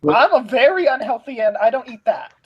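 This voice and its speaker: A woman's voice: on the high side, sing-song, a little fast, slightly rough, highs cut off. A woman from New Mexico in a casual chat, blunt and teasing, swearing freely.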